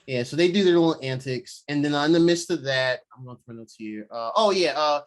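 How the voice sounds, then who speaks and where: Chatty slightly high-voiced young man. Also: brisk. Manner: loose, rambling episode recap with slang. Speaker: podcast co-host. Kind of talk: casual chat.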